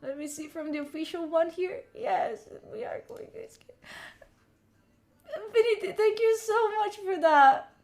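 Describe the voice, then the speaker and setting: Young woman streaming, chatting with her viewers and thanking them one by one, high bright voice, gets excited fast. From Italy. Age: young adult. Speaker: study streamer. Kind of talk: casual live-stream chat.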